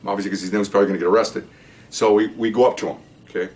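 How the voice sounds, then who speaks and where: Fast-talking older ex-cop storyteller. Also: male voice, fairly low pitch. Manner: animated, acts out voices in the story. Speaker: retired police officer telling stories. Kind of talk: casual storytelling.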